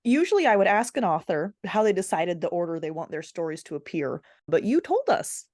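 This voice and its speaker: Brief: woman podcast host, lively swinging pitch, dry close recording. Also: brisk, no room sound. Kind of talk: casual interview chat.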